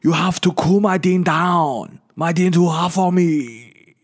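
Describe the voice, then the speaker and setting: A man voicing a demanding baby girl with a West London accent, speaking in a high childish squeak. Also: slow.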